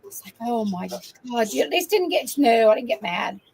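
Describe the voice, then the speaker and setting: An older woman, a grandmother, telling lively farm stories in casual chat and laughing often. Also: fairly high pitch, moderate pace, vocal fry, a little hiss or hum, low-quality recording. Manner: animated storyteller, laughs often. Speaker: guest.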